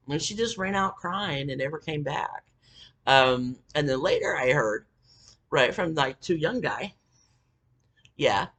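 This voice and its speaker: A woman's voice: low-pitched, fairly bright tone, breathy edge. A woman telling a story in a casual, rambling rant, swearing often and filling her talk with ums and likes. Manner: profane, rambling, full of fillers. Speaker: vlogger.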